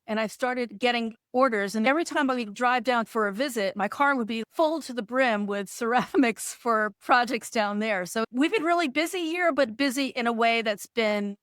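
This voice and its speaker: A lively woman guest recounting her past and acting out the voices as she goes. Her voice sits a bit high. The sound is dry and close. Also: normal speed, few pauses, smooth, dry recording. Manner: animated storyteller who acts out dialogue and laughs. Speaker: podcast guest. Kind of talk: storytelling interview.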